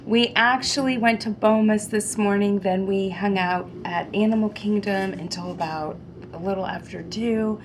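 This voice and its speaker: A middle-aged Ohio woman chats casually to camera in a vlog, her medium-pitched voice fairly even and moderately paced. Allergies leave her stuffy-nosed, and she rambles along with lots of ums over a faint hiss or hum.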